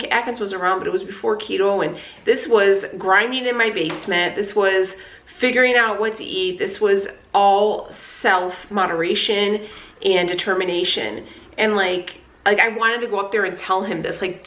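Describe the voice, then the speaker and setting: A woman's voice: medium pitch, fairly bright tone. Candid woman vlogger in an echoey room. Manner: candid and fired up, peppered with fillers and swearing. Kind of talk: casual chat.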